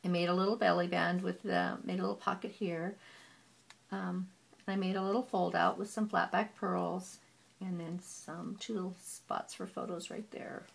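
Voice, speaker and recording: A woman casually walking through a handmade scrapbook album, chatty and gushing, with frequent "um" pauses. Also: fairly low pitch, little pitch movement, creaky. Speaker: papercraft hobbyist.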